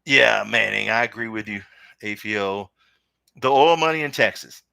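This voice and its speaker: Opinionated man with a bright, forceful voice. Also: lowish voice, moderate pace, creaky, clear, resonant tone, no room sound, studio quality. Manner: opinionated, rambling, reads chat comments aloud. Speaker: podcast host. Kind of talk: casual live-stream sports talk.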